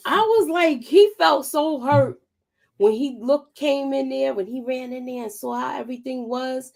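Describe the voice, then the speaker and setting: A woman's voice: high voice, moderate pace, vocal fry, darkish tone. A woman hosting a casual movie discussion, thoughtfully reflecting on a character's feelings. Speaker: host of a movie review channel.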